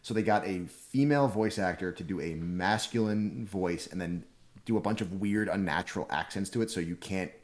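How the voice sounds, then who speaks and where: Very low voiced guy on a podcast, calm, picks apart the details. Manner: analytical, measured, explains at length. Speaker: podcast co-host. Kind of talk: casual chat.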